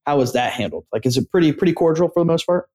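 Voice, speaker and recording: A man co-hosting a casual sports podcast, an animated storyteller who acts out quotes and swears freely. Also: fairly high pitch, rapid-fire. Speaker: podcast co-host.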